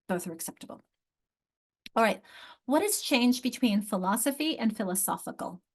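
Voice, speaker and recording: A woman's voice: fairly high pitch, expressive, normal speed, pauses often, breathy edge. A woman giving a training lecture on spelling and word structure to teachers. She explains in a conversational way, stretches out example words to show how they sound, and checks in with "isn't it?". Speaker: literacy instructor.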